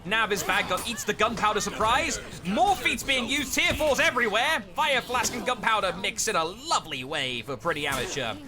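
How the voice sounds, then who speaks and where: A man casting a video game match with lively play-by-play commentary. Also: sits high. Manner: lively, animated play-by-play with quick asides. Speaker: esports caster.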